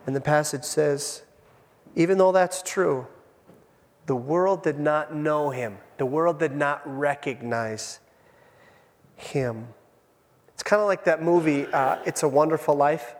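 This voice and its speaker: High-voiced man preaching in an echoing church. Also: slow, pauses often. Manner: storytelling, dramatic shifts between hushed and raised. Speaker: pastor. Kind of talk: sermon. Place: church sanctuary. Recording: long church reverb.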